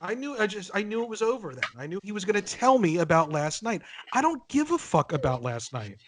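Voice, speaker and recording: A man telling a story in casual chat, animated, swearing freely and acting out what people said. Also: high voice, fairly quick, slight background noise. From northern United States. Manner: animated, swearing, acts out quotes. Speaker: podcast guest.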